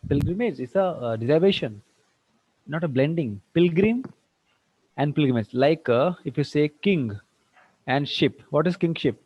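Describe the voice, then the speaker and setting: A man teaching an online tutorial, firing quick questions at students and slipping into Hindi. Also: fairly high pitch, expressive, a little mellow. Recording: dull lo-fi dry sound.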